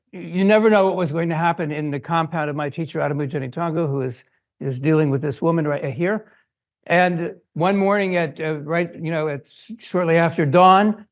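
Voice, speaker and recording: An older man giving an academic lecture to an audience, telling a story and acting out the voices he quotes. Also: fairly high pitch. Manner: animated, acts out quoted voices. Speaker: guest lecturer. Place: lecture hall.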